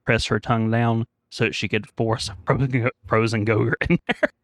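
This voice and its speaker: A man's voice: medium pitch, steady tone, normal speed, a bit bright, dry recording, studio quality. A man co-hosting a podcast, fighting a cold, telling rambling family stories and laughing at his own jokes. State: congested with a cold. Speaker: podcast co-host. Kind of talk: casual chat.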